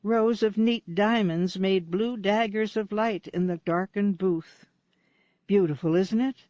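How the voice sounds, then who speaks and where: A woman reads a short mystery story as an audiobook narrator, lightly shading each character's lines. Her delivery is steady and unhurried, in a dry setting with little room sound. The audio is a little dull and lo-fi. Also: medium pitch, no echo. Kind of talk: scripted narration.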